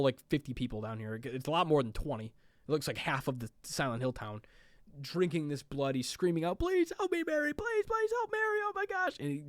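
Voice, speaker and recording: A man's voice: mid-range voice, no room sound, studio quality. A man casually recapping a movie plot, rambling with lots of "like" and "um". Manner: rambling, fillers like "like" and "um". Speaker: movie reviewer.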